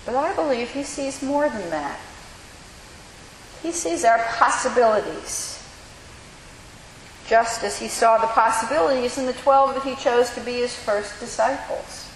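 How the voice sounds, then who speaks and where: A woman pastor delivering a sermon, measured and reflective, pausing slowly for emphasis. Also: a little high, animated. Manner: measured, reflective preaching with slow emphatic pauses. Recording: echoey hall with faint hiss.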